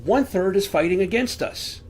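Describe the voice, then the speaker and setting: A man's voice: sits high, lively intonation, moderate pace, breathy edge. A man giving an earnest, conversational Bible teaching from a room at home, asking rhetorical questions into a desk microphone. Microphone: desk microphone on camera.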